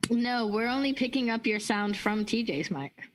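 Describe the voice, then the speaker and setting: A woman's voice: a little high, lively intonation, normal speed, slight background noise, low-quality recording. A woman hosting a livestream, chatty and upbeat in casual talk. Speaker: host. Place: small studio.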